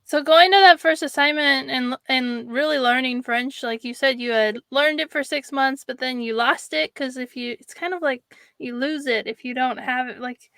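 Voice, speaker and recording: Higher-voiced woman hosting an interview. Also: moderate pace, few pauses, fairly bright tone, no room sound. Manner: reflective, sums up the guest's points with many "like"s. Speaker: podcast host. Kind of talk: casual interview.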